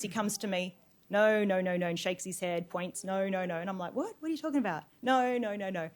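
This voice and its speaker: A young adult woman giving an informal talk to an audience, telling stories with laughs and fillers between slides. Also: mid-range voice. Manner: chatty storytelling with laughs and fillers. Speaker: guest speaker.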